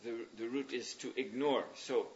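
A man leading a religious class, explaining ideas at length in a thoughtful, meandering way with pauses and fillers. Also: mid-range voice, steady tone. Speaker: spiritual teacher leading a class. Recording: dull lo-fi recording.

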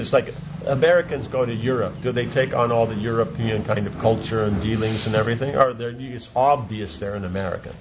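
A man's voice: mid-range voice, highs cut off, noisy background. A man giving an informal religious talk as a teacher, rambling, repeating words and asking rhetorical questions. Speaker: spiritual teacher.

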